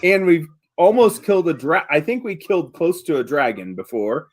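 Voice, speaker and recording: A man playing a bragging young adventurer, slow and eager, lively voice. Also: a little high. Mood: boastful.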